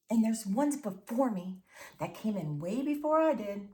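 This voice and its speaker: A woman's voice: medium pitch, expressive, measured pace, a little mellow, recorded from a distance. A woman giving a channeled tarot reading, intimate and emotional, often dropping to a whisper and calling listeners honey and baby. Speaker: tarot reader.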